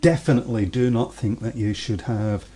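A man's voice: mid-range voice, steady tone, moderate pace, mellow, husky. A man with a British accent co-hosting a podcast, talking in a rambling way with restarts and chuckles. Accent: British English. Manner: rambling, self-interrupting, chuckling. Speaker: podcast co-host. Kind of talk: casual chat. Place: studio.

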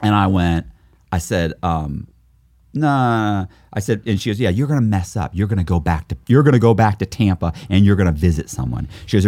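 A man's voice: low-pitched, a little mellow, dry recording, studio quality. A middle-aged man, the guest, telling a story in a podcast interview and acting out both sides of the dialogue. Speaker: guest, author.

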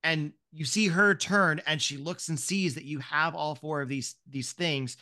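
Male game master, fairly high voice, loose rambling narration. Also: measured pace, sharp tone. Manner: rambling, with many likes and restarts.

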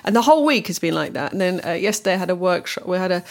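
A woman's voice: fairly low pitch, expressive, racing. A woman co-hosting a podcast in casual chat, talkative and laughing often. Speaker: podcast co-host.

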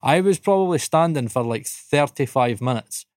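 A man from Dundee with a Scottish accent, co-hosting a podcast and telling a casual story, animated and swearing freely. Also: fairly high pitch, normal speed, no echo, studio quality. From Dundee, Scotland. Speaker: podcast co-host.

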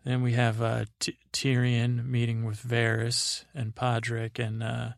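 A man's voice: mid-range voice, completely flat delivery, unhurried, vocal fry, no echo, studio quality. A man hosting a podcast, giving a rambling recap meant to lull listeners to sleep, meandering and full of fillers. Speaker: podcast host. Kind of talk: drowsy rambling episode recap.

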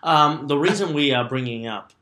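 A man's voice: a little high, animated, normal speed, bright, forceful tone. A young man co-hosting a casual podcast chat, camp and teasing in his banter. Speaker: podcast co-host.

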